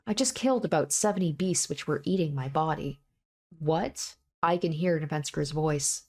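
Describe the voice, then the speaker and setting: A woman's voice: sits low, normal speed, a little mellow. Woman reading as a grim young man narrating. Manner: grim, repetitive inner monologue. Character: young man narrating his own bloody fight. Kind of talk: visual novel read aloud.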